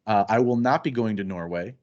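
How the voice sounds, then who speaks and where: A man's voice: on the low side, a little fast, a little mellow. A man co-hosting a casual talk show, telling rambling anecdotes and acting out both sides of conversations. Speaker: podcast co-host. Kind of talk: casual chat. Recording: dull lo-fi sound.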